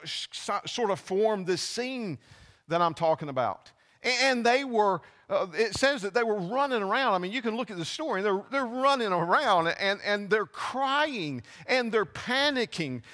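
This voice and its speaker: A man preaching a sermon, telling a scripture story with halting restarts and acting out the voices. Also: sits high, pushed and bright, long reverb tail. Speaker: pastor. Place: church.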